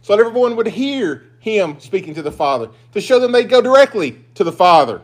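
A male pastor delivers a sermon to his congregation. His preaching is emphatic, swinging from loud, driving declarations down to hushed, confiding asides. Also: high voice, sing-song, fairly quick.

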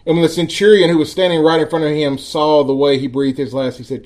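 A man preaching a sermon in a church, reading scripture slowly with emphatic pauses. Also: on the high side, steady tone, a little mellow. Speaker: pastor.

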